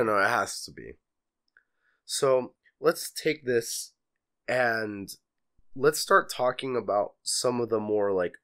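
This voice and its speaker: Low-voiced, blunt male podcast co-host. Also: a bit bright. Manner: blunt and offhand, swears casually. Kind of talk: casual fan podcast chat.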